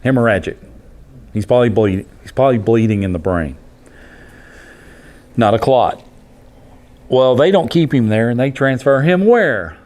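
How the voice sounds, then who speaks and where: A man, an EMT instructor telling a case story to his class in a blunt, animated way. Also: mid-range voice, moderate pace, pauses often. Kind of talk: storytelling lecture.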